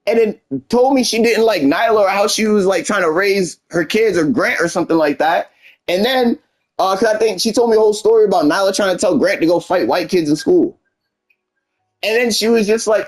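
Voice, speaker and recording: A man's voice: high-pitched, a little fast. A young man rambling through a frustrated personal story and acting out both sides of arguments. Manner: rambling, frustrated storytelling with quoted back-and-forth. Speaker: streamer. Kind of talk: casual venting monologue.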